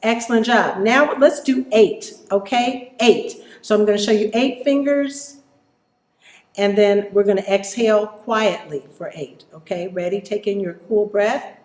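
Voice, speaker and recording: A woman teaching children a vocal warm-up, encouraging them and demonstrating exercises. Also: medium pitch, measured pace, reverberant. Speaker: music teacher.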